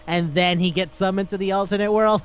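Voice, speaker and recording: A young man co-hosting a casual podcast, swearing a lot and acting out characters in animated voices. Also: high-pitched, a little fast, clear, resonant tone. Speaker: podcast co-host. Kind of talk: casual chat about anime. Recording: dull lo-fi podcast recording.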